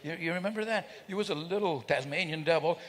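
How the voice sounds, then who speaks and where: A guest speaker with a fairly high, slightly bright voice talks fast at an event in an event hall. He jokes with the audience and acts out sounds and voices while telling stories, and the recording carries long hall reverb.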